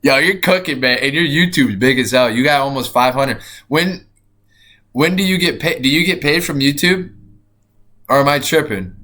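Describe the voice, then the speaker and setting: A young man streaming, reacting out loud in casual chat, profane and excitable, laughing often. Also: medium pitch, normal speed. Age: young adult.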